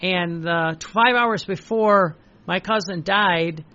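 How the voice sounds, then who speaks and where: A man's voice: sits high, slow, bright, forceful tone. An older man, a priest, preaching and telling personal stories, often stumbling and repeating words with many fillers. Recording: dull lo-fi recording.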